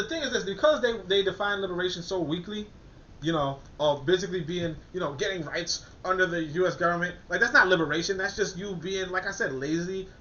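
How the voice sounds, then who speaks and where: Man, high voice, AAVE, rambling and stammering, muffled lo-fi audio. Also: a little hiss or hum. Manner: animated, rambling, frequent stammered restarts. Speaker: commentator reviewing a document. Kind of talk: casual commentary with reading aloud.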